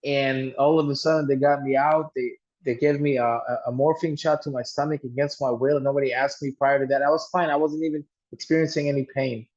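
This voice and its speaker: A man's voice: mid-range voice, level tone, a little fast, hardly any pauses, a little mellow, lo-fi sound. A man telling a personal story earnestly, often restarting and repeating words. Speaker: guest telling his story.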